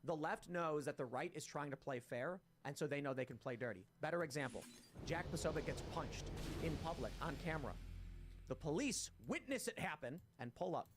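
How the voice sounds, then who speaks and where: Male host, quick and lively storyteller, slightly high voice. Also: slight background noise. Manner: animated, rapid storytelling. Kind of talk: casual panel talk.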